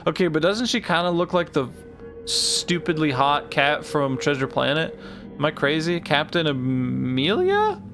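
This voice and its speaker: A man's voice: on the high side, very animated, measured pace, fairly bright tone, soft background music. A young man streaming a game, joking around, swearing and laughing often. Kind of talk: casual game stream commentary.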